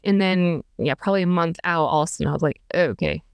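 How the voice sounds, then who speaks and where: A woman's voice: fairly low pitch, fast talker, clean tone, no echo. A young adult woman telling her own story as a podcast guest, chatty and candid, full of fillers and restarts. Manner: chatty, many fillers and restarts, laughs between thoughts.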